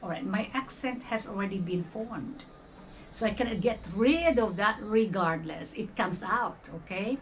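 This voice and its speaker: A woman's voice: medium pitch, unhurried, a little hiss or hum, low-quality recording. An older woman from the Philippines with a Filipino accent, talking in a casual vlog monologue and often checking in with "okay?". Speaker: retired nurse vlogger.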